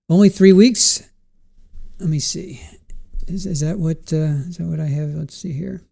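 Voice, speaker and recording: Male stream host, mellow, halting delivery with restarts, reading chat aloud. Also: on the high side, gravelly. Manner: answers live chat questions. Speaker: live trial commentary host. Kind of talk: casual live-stream commentary.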